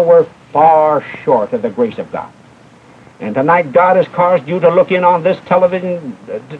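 Fervent preacher on a tinny old broadcast. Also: male voice, high voice. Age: young adult. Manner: fervent, emphatic, rising and falling delivery. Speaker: evangelist preacher. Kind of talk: televised sermon. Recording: tinny old broadcast recording with faint hiss.

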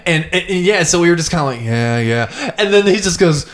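This young adult man hosts a podcast, and his voice sits high, quick and fairly bright. He rambles through stories in casual chat, laughing often and filling his speech with fillers.

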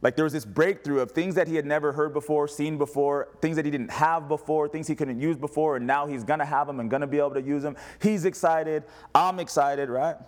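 A man in his thirties delivers a sermon from the pulpit. His voice sits high, and he moves easily between sports talk and personal stories. He acts out dialogue and laughs along the way. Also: steady tone, fairly quick, hardly any pauses. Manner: storytelling with laughs and quoted dialogue. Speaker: pastor.

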